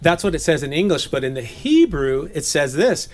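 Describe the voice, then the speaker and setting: A man from Southern California giving a relaxed, chatty sermon, laughing often and slipping into playful voices. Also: on the high side, moderate pace. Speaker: preacher. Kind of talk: casual sermon teaching. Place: gathering.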